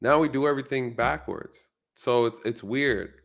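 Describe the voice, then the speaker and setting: Gravelly-voiced man musing aloud. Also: medium pitch, moderate pace. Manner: reflective, repeats phrases, keeps asking "right?". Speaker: channel host. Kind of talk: casual commentary monologue.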